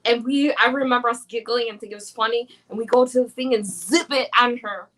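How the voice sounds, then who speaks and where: A woman in her forties, a podcast guest telling childhood stories in a chatty, animated way. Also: a little high, fairly quick. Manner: chatty, animated storyteller, many "like" fillers. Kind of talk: casual chat.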